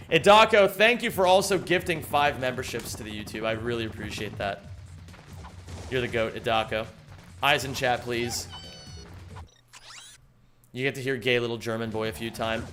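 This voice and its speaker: A man's voice: medium pitch, normal speed, long pauses, fairly bright tone, soft background music. A young man live-streaming a game, chatting casually, thanking viewers and swearing freely as he rambles. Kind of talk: casual live-stream chat while gaming.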